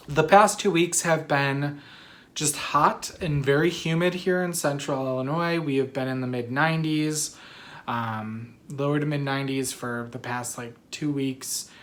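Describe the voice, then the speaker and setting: A woman hosting a knitting video podcast in a casual, rambling way, sleepy and yawning, often apologizing. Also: rumbling low. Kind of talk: casual chat.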